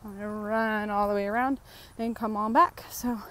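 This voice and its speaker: A woman's voice: medium pitch, fairly even intonation, moderate pace, very noisy. A woman chatting casually to camera in a rambling vlog, talking outdoors at a park fitness trail. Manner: chatty, rambling, lots of fillers. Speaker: vlogger.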